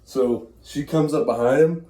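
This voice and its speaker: A man's voice: a little high, unhurried, mellow, roomy sound. A man giving a rambling, crude comedic retelling of a classic play while chewing gum. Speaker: storyteller.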